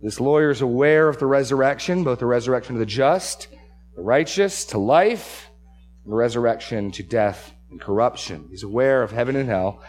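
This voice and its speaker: Guy preaching a sermon, mid-pitch, leans on key words, keeps repeating himself, faint music underneath. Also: moderate pace, darkish tone. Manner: repeats words and restarts, stresses key phrases. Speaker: pastor. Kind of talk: expository sermon.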